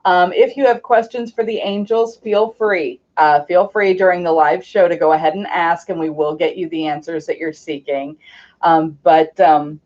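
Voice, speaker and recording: A woman hosting a card reading channel, talking casually and gently to her viewers. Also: lowish voice, fairly even intonation, moderate pace, highs cut off. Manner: gentle and chatty, cooing at her puppies. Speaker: tarot reader and channel host.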